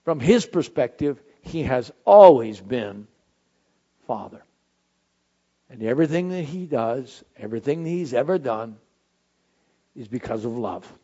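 Homem pregador, sermão vibrante, som abafado. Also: male voice, animated, a little slow, long pauses, slightly rough, highs cut off. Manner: dynamic preaching, swings from shouted highs to soft low phrases. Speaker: pastor. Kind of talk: sermon.

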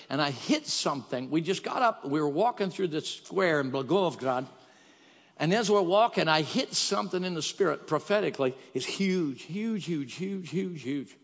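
A man's voice: on the high side, a bit bright. A man preaching a sermon in a church sanctuary, talking in an emphatic, repetitive, exhorting way. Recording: dull echoey church hall.

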